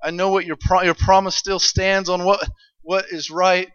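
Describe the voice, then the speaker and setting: A man's voice: fairly even intonation, takes it slowly, pushed and bright, long reverb tail, highs cut off. A preacher murmuring as a defiant faithful young man. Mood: prayerful. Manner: low, murmured, firm. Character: defiant, faithful young men, quietly resolute.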